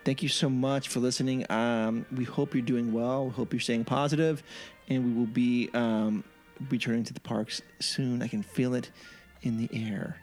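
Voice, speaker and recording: A man's voice: mid-range voice, faint music behind. Man hosting a podcast sign-off. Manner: relaxed, halting, with many ums. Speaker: podcast host. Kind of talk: casual sign-off chat.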